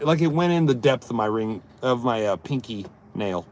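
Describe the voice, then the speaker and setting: A man's voice: mid-range voice, expressive, moderate pace, darkish tone. A man and amateur comic chatting on a live stream, telling rambling jokey stories and answering his viewers. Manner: jokey, rambling storyteller who chats to viewers.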